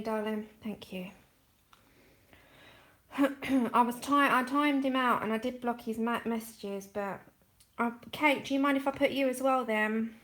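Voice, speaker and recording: A woman's voice: fairly high pitch, fairly bright tone. Chatty woman hosting a livestream. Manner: chatty, explains steps to viewers and thanks them by name. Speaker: livestream art host. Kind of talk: casual chat while demonstrating colouring.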